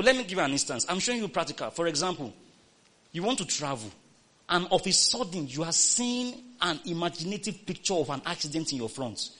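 A man preaching a sermon, repeating phrases and swinging from loud calls to hushed, quoted scripture. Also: high-pitched.

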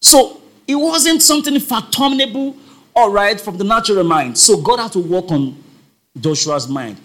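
Animated, high-voiced preacher. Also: male voice, normal speed. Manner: emphatic, repeats points and calls on the congregation. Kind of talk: sermon.

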